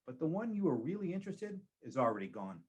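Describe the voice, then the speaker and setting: A man's voice: fairly high pitch, big pitch swings, fast, a little mellow, husky. A man who works as a real estate agent, giving advice in a conversational interview and repeating key phrases for emphasis.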